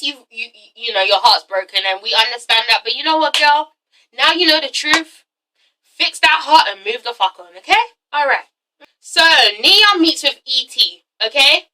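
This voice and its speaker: Sassy woman doing a reality tv recap, cussing a lot, high bright voice, kinda far from the mic. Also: expressive, normal speed, slight background noise. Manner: sassy, frequent "okay?" asides, swearing. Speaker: reviewer, channel host. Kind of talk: casual profane TV-recap vlog.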